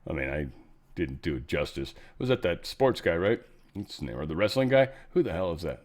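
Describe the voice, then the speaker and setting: A man's voice: low-pitched, sing-song, a little fast. A man hosting an online commentary show, rambling and joking as he reacts to news clips, trailing off and laughing at himself. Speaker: show host.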